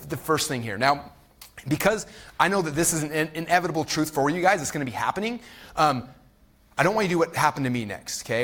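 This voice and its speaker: A man's voice: fairly high pitch, a bit bright. A man in his thirties giving a live marketing masterclass, telling a story at speed with energy and acting out quotes. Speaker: online marketing teacher.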